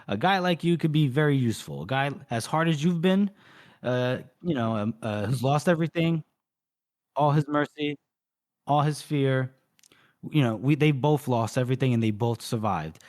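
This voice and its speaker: In a mid-range, darkish voice at a moderate pace, a male podcast co-host casually recaps a book chapter. He uses lots of fillers and quotes the dialogue.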